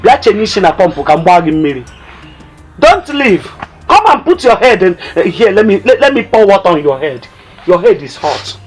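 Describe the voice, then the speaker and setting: A scornful, money-minded Nigerian mother with an Igbo accent scolds her daughter in a film, a mocking, drawn-out, lively voice. Her pitch swings widely as she taunts. Faint music plays under the dialogue. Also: husky. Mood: taunting. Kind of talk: film acting.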